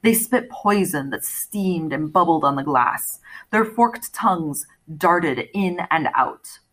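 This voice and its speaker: A woman's voice: fairly low pitch, animated, slow, fairly bright tone. A woman reading a story aloud as audiobook narration, telling it expressively and acting out the characters' lines. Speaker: audiobook reader.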